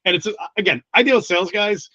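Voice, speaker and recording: A man working as a recruiter, chatting casually in an interview, blunt and quick to swear, laughing often between many restarts. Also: high-pitched, sharp tone, dry recording, highs cut off. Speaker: guest recruiter.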